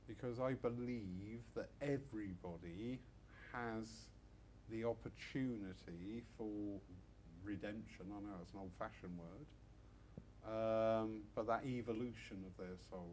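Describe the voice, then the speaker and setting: A man's voice: fairly low pitch, a little mellow, slight background noise. Chatty middle-aged man giving a church talk. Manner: chatty, self-mocking asides, frequent "um". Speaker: church speaker. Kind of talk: informal talk to a small audience.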